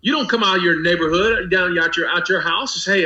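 A man's voice: high-pitched, a little fast, pushed and bright. A man, a pastor, speaking as a guest with a preacher's rhythmic cadence, building emphasis through lists and rising repetition. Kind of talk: impassioned guest commentary on a talk program. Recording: dull lo-fi audio.

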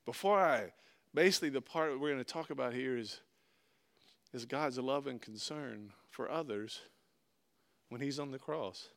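A man's voice: medium pitch, moderate pace, gravelly, long pauses. A male preacher giving a sermon, reading scripture aloud and then explaining it in an earnest, conversational way.

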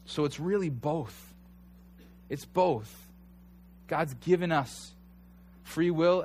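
A man in his thirties preaching in a loose, conversational way, his voice sitting a little high for a man. He tells stories with animated energy and climbs to near shouts when he gets into them. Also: a little hiss or hum. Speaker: pastor. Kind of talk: sermon.

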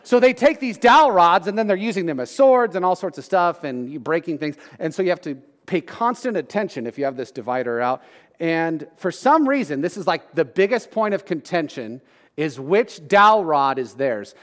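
A man's voice: fairly high pitch, sing-song, moderate pace, in a large hall. A man in his thirties preaching a sermon in a conversational, joking way, often asking his listeners questions. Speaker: pastor.

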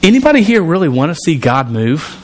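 A man with a drawl preaches to a congregation, talking in a loose, conversational way. His voice sits a little high for a man. He often stumbles, repeats words and restarts his sentences. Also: normal speed. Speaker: pastor. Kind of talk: sermon.

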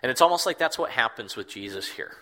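A man's voice: mid-range voice, animated, fast, bright, forceful tone. A man preaching a sermon in an earnest, reflective way, repeating words for emphasis. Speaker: pastor.

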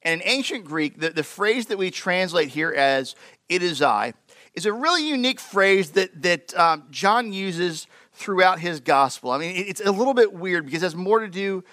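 Male pastor, casual animated sermon delivery, bright forceful voice, dry close sound. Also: sits high, normal speed, no room sound. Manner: conversational, animated, lots of fillers.

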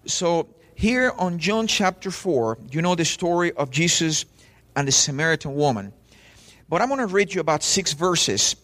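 A man, a pastor preaching a sermon in church and telling stories straight to the congregation. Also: fairly high pitch. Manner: animated storytelling preacher, addresses crowd directly.

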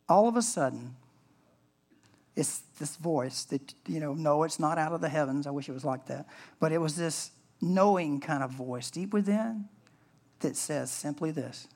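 A man's voice: on the high side, lively intonation, measured pace, pauses often, darkish tone. A man preaching a sermon as pastor in an earnest, conversational way.

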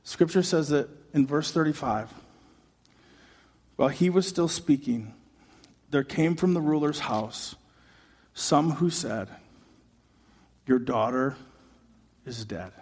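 A man with a high voice delivers a sermon from a church stage, retelling the story and slipping into its characters' voices. His words carry a long reverb from the hall around him. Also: slow pace, pauses often, breathy edge. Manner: dramatic, acts out voices, builds to shouting. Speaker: pastor.

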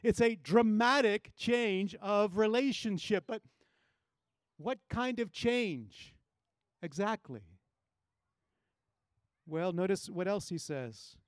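A man preaching a sermon as a pastor, reading scripture aloud and acting out the quoted lines with shifting pitch and pace. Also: animated, slow, long pauses, clear, resonant tone, dry recording, studio quality.

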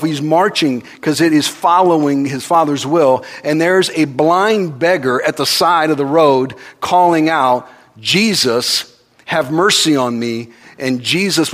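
Speaking a little high, this man delivers a sermon in a conversational manner. His preaching climbs to loud urgency at times and sinks to hushed intimacy at others.

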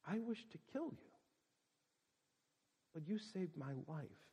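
A man voicing a wounded bearded man who speaks in a weak, quiet voice and begs forgiveness. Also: fairly high pitch, expressive, moderate pace. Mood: pleading. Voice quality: weak, soft voice.

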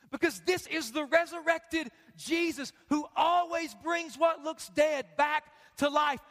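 High, bright-voiced preacher man in a reverberant hall. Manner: animated, humorous, swings between loud and hushed. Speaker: pastor. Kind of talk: sermon.

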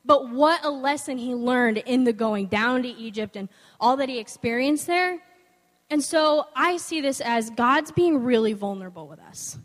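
A woman's voice: high voice, normal speed. A young woman giving an informal, earnest devotional talk, weaving in a personal story, in a conversational manner. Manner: earnest, conversational, animated when quoting others. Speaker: speaker sharing a devotional. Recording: long hall reverb.

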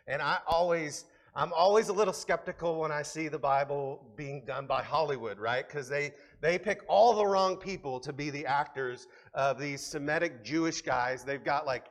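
A man's voice: a little high, a bit bright. A man preaching a sermon as pastor, conversational and earnest, rising to emphatic peaks.

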